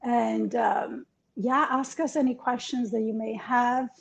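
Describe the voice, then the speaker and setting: A woman co-hosting a casual podcast chat, animated and quick to laugh. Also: on the high side, creaky. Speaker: podcast co-host. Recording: dull lo-fi audio.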